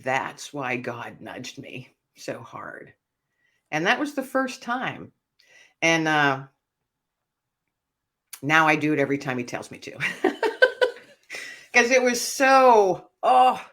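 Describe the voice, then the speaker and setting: A woman author being interviewed, telling a personal story in an animated, emotional way. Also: low-pitched. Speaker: author and speaker, guest.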